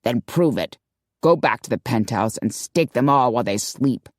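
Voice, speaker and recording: A man's voice: medium pitch, animated, moderate pace, no echo, clean studio sound, pitched below the performer's own voice, natural voice. A woman voicing a stern middle-aged male vampire-hunter boss who speaks harshly and with contempt, in an audiobook. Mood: scornful. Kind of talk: audiobook character voice.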